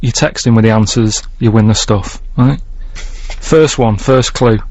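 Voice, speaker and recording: A man presenting a quiz segment on a radio show, rambling and halting as he gives clues in a deadpan way. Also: lowish voice. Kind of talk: casual radio banter. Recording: dull, dry radio studio recording.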